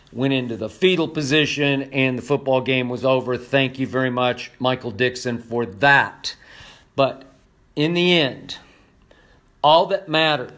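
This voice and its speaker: An older man giving impassioned sports commentary, emphatic and repetitive, hoarse from losing his voice. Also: medium pitch, fairly bright tone.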